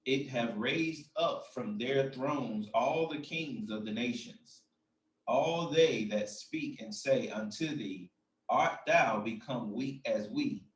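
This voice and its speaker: A man reading scripture aloud at a slow, measured pace. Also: mid-range voice, roomy sound, distant mic, low-quality recording. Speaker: scripture reader.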